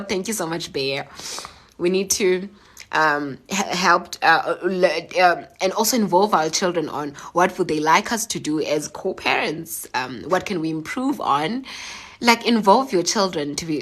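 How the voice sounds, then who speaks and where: Woman hosting a live stream, teary, heartfelt and halting, lowish voice, phone mic. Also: fairly bright tone. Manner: emotional, heartfelt, halting with fillers. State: teary after crying. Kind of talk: earnest live-stream talk reading comments.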